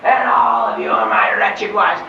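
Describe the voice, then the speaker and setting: Young actress as a raving boy posing as Bluebeard, high shouting voice, stage play, distant echoey hall, audience murmur. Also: moderate pace, gravelly. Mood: menacing. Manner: theatrical, shouting threats. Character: boy playing wicked old Bluebeard with an axe. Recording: distant echoey hall, muffled, crowd noise.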